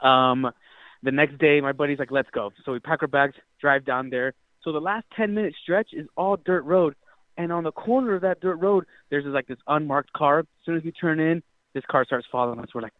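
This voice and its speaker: A young man from Utah tells a story over the phone, rambling and full of fillers, swearing freely. His voice sits a little high. The line is tinny and dry, like a call-in phone connection. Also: no room sound. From Utah, United States. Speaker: caller. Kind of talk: casual storytelling.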